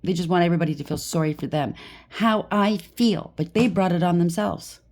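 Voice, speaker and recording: Speaking fast in a mellow voice on the low side, a woman gives a tarot reading. She is blunt and heated, addressing the listener directly and frequently asking "okay?"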